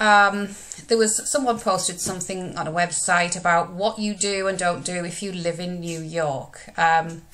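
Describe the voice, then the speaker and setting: A woman's voice: lowish voice, gravelly, a bit bright. A woman, giving a recorded lesson over slides in a conversational manner with frequent fillers. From United Kingdom. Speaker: teacher.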